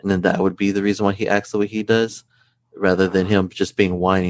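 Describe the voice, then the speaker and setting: A chatty male podcast host with a lowish voice, recorded dry and close. He gets excitable and fills his talk with "like". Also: brisk, dry recording. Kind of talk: casual podcast chat.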